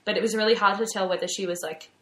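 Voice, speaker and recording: A woman's voice: mid-range voice, steady tone, racing, a bit bright. A young woman with an Australian accent, co-hosting a podcast and telling a story in a chatty way full of "like". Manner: chatty storytelling, heavy use of "like". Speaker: podcast co-host. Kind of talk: casual chat. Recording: roomy echo.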